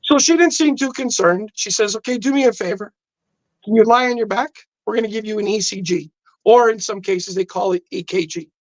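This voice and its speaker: Brisk and high-voiced, a man appearing as a podcast guest relates a personal story intensely, acting out the exchanges as he tells it. It's casual storytelling in a studio, recorded with no echo but in low quality.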